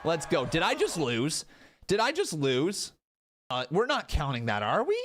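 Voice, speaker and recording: A man reacting to wrestling clips in a casual, self-mocking way, often yelping and shouting. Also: a little high, measured pace. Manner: excitable, yelps and shouts in reaction. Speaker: wrestling YouTuber.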